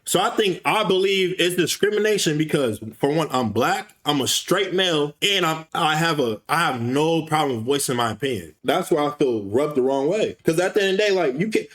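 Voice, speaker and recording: A young man telling a storytime rant in casual, slangy speech, animated and frustrated, swearing often. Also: fairly high pitch, normal speed, few pauses.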